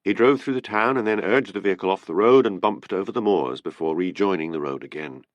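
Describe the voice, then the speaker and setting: A man narrating an audiobook in an expressive, lively reading. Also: low voice, a little fast, no room sound, muffled recording. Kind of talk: scripted narration.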